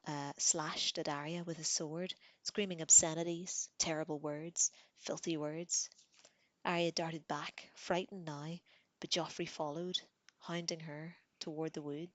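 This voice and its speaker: Seorang perempuan membacakan novel dengan suara lembut dan pelan. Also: female voice, low-pitched, a bit bright, dry recording. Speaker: reader. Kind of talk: reading a novel aloud.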